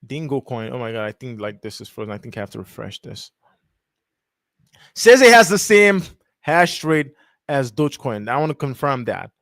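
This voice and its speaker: A man's voice: medium pitch, very animated, fairly bright tone, dry recording, studio quality. A young man hosting a crypto livestream, thinking aloud in a rambling way and reading web text aloud with stumbles and restarts. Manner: rambling, self-correcting, reads text aloud haltingly. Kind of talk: casual thinking-aloud screen review.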